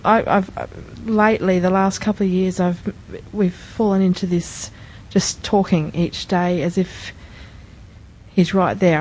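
A woman's voice: lowish voice, darkish tone, poor audio. A woman earnestly sharing a personal reflection with a small group, with small restarts and fillers as she talks. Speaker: group member sharing a testimony.

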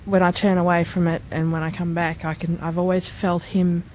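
Woman, lowish voice, earnest sharing, small restarts, faint rumble behind. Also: flat delivery, a little fast, a little mellow, poor audio. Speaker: group member sharing a testimony. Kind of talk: casual personal sharing.

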